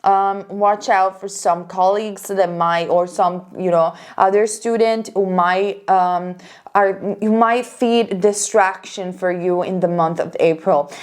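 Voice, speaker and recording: A woman's voice: medium pitch, fairly even intonation, slow pace. A woman giving a casual pick-a-card tarot reading as a psychic, chatty and emphatic, with fillers and restarts.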